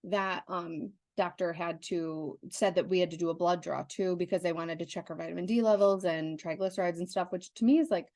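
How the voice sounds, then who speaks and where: A young adult woman co-hosting a podcast, telling stories in a candid, animated way with lots of restarts. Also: lowish voice, fairly quick, few pauses, no echo, clean studio sound. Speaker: podcast co-host. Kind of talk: casual chat.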